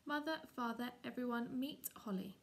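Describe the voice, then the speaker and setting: A woman's voice: fairly high pitch, moderate pace, lightly acted. Woman reading as earnest young tomcat Varjak. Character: young male cat, earnest and torn.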